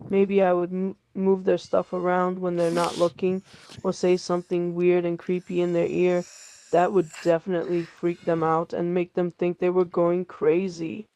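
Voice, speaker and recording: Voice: mid-range voice, completely flat delivery, normal speed, dark tone, smooth. A synthetic chatbot voice giving cheerful, tidy replies and playing along with every idea. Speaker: AI chatbot conversation partner. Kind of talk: scripted-sounding chatbot replies.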